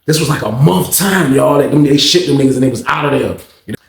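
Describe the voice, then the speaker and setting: Gravelly man telling a prison story. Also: mid-range voice, fast talker, roomy sound. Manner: loose, profane street talk. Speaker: storytelling host.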